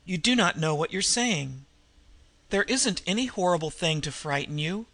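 A man voicing an earnest young woman heroine who speaks in a gentle, soothing way. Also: sits high, lively intonation, moderate pace, no room sound, heavily acted.

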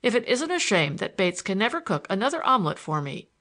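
A woman's voice: mid-range voice, sing-song, quick pace, fairly bright tone. A woman voicing an elderly, kindly grandfather who speaks with exuberant fondness. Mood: delighted.

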